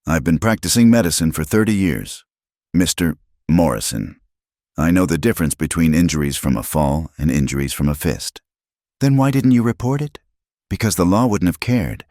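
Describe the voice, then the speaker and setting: A man's voice: low voice, animated, moderate pace, a little mellow, dry recording, studio quality. A man playing an experienced country doctor giving grim, clinical testimony.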